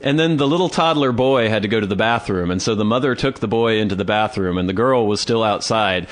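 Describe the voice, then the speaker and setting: A man's voice: lowish voice, a little fast. A man co-hosting a podcast, telling a story in casual chat and acting out other people's voices. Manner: animated storyteller, acts out voices. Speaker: podcast co-host.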